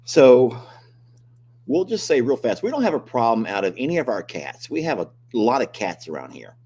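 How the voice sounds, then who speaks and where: A man's voice: medium pitch, big pitch swings, moderate pace, dark tone, slight background noise. An older man, hosting a casual live-stream chat, joking and complaining animatedly. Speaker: host.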